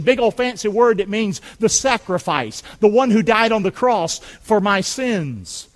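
A man with a North Carolina Southern accent preaching a fervent sermon, pushing his congregation to repeat lines back to him. His voice sits high for a man and swings widely in pitch as he rises and drops. The sound rings with the long reverb of a church hall. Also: lively intonation, a little slow, few pauses. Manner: loud, fervent call-and-response preaching. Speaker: pastor. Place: church building.

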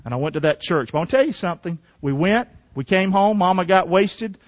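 A man's voice: high-pitched, animated, fairly quick. A male pastor preaching a sermon and telling his own testimony, emphatic and asking the congregation questions. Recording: dull sound in a reverberant hall.

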